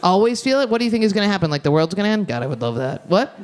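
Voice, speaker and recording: A woman performing a brash, fast stand-up set, talking with the crowd on a club stage. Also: medium pitch, big pitch swings, heavy background noise. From United States. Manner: brash, rapid, often shouting and laughing. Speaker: stand-up comedian. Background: audience laughter.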